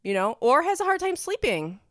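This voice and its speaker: A woman's voice: high-pitched, big pitch swings, a little fast, dry recording. Woman podcast host, rambling casual chat, dead-dry close sound. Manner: rambling, filler-heavy storytelling.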